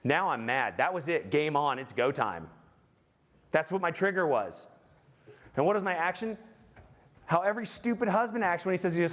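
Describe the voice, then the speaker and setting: Animated man giving a keynote. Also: high-pitched, a little fast. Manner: animated storytelling with audience questions; self-mocking, acts out his own anger. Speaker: keynote speaker. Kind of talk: motivational keynote talk.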